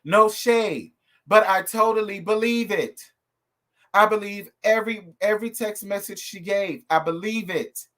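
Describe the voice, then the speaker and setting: A man with a slightly high-pitched voice hosts a live review from his home. He talks in an animated, sassy, gossipy way and keeps calling his viewers y'all and girl. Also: a little slow. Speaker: host of a reality TV live review show. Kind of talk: casual live commentary.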